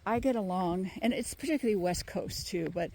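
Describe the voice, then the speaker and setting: A woman healer giving emphatic, animated spoken advice while walking outdoors with her dog. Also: mid-range voice, a little fast, slight background noise. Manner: emphatic, animated, mimics others in quoted voices. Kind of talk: casual spoken advice monologue.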